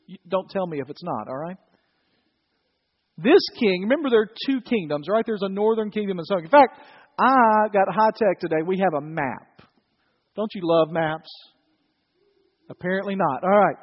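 High-voiced male pastor in a hall. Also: moderate pace, long pauses. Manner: conversational, joking with the congregation. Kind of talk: sermon. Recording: dull, reverberant hall recording.

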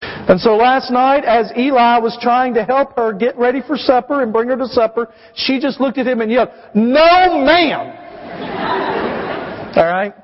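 A pastor in his thirties preaches with a notably high, light voice, pressing his listeners with emphatic questions. The sound rings with long reverb through a church hall, and the recording itself is somewhat dull and muffled. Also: fairly even intonation, normal speed. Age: 30s. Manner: emphatic, asks the congregation questions. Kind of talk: sermon.

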